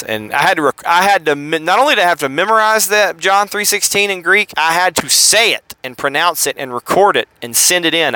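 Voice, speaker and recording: A man's voice: a little high, bright, forceful tone, clear, resonant tone, no room sound, rough recording. A man with a Southern accent hosting a podcast, explaining things in a casual, rambling way with many fillers and self-corrections. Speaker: podcast host. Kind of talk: casual teaching monologue.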